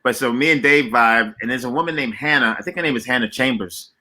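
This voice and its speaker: A man with a very bright, sharp tone chats casually as a guest on a video call. He talks loosely, with lots of "like" and "you know", at a middle pitch. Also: fast, slight background noise. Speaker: guest comedian. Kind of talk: casual chat.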